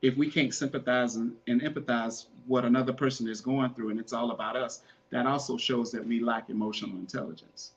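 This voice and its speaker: A man's voice: medium pitch, fairly even intonation, a little fast, hardly any pauses, muffled recording. A man hosting a podcast, giving earnest, repetitive relationship advice in a casual, preachy way and calling his listeners "man". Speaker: podcast host.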